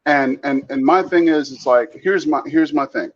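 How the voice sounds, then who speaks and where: A man's voice: on the high side, moderate pace. Blunt, profane man, lo-fi sound. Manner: blunt, emphatic, profane, repeats words when starting a point. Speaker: podcast co-host. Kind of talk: heated casual discussion.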